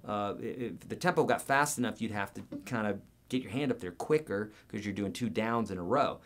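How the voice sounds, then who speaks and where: A man's voice: lowish voice, brisk. A man hosting a live guitar Q&A, chatting casually, reading viewer comments aloud and counting out beats and picking patterns.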